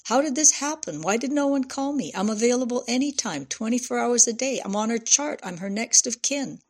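A woman voicing a grieving older man who lashes out indignantly, with a slight fry in her voice. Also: mid-range voice, lively intonation, normal speed, darkish tone. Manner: indignant, bitter outbursts.

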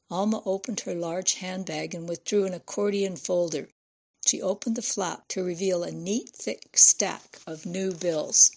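A woman narrating an audiobook in a steady, measured way. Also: lowish voice, gravelly.

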